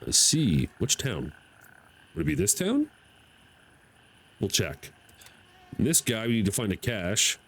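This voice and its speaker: An American man streaming a game live, talking to himself, excitable and swearing freely. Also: mid-range voice, unhurried, vocal fry, pauses often, rough recording. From United States. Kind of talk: live gameplay commentary.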